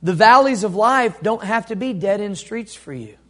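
A high-pitched man preaching from the pulpit. He calls on the congregation to repeat lines back to him, and he swings from ringing emphasis down to slow, hushed delivery. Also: lively intonation. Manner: call-and-response preaching, dynamic swings from loud to hushed. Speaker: pastor. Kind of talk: sermon.

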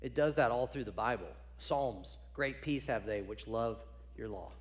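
A man preaching a sermon, building to loud emphatic peaks and dropping to quiet, low points. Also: unhurried. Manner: drops to low quiet tones on key points.

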